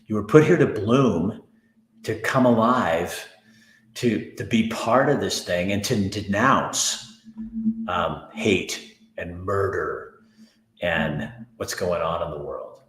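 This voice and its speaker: A middle-aged man hosting an earnest personal monologue, swinging from anger to hushed softness. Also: low voice, slow pace, echoey room. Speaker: host.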